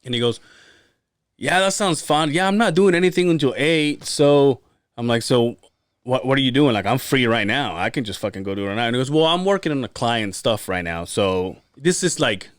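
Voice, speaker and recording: Profane storytelling podcast host, lively. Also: male voice, medium pitch, moderate pace, no echo, studio quality. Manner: profane, animated storytelling with acted-out quotes. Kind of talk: casual storytelling chat.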